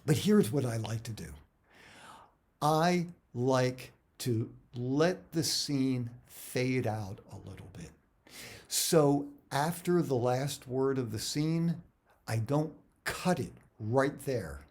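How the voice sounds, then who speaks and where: A man's voice: mid-range voice, lively intonation, takes it slowly, darkish tone. A man, an actor and acting coach, speaking conversationally to camera and explaining auditions with examples. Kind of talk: instructional talk to camera.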